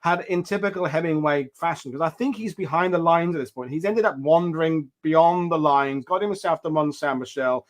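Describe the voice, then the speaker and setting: A man hosting a history show, telling war anecdotes in an animated, rambling way with many restarts over a video call. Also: a little high, normal speed, few pauses. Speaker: host. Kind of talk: casual storytelling chat.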